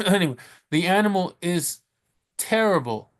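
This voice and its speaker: A man teaching Spanish in a casual way, chatty and correcting himself, who slows down to sound out each Spanish word. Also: mid-range voice, a bit bright. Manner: chatty, self-correcting, laughs at his slips. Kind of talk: casual screen-share lesson.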